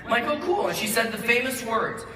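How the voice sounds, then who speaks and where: A bright, forceful man gives an animated award acceptance speech, acting out both sides of a conversation as he tells his story. His voice carries through a roomy hall, picked up from a distant mic over a faint hiss. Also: very high-pitched, fairly quick. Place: large event hall with audience.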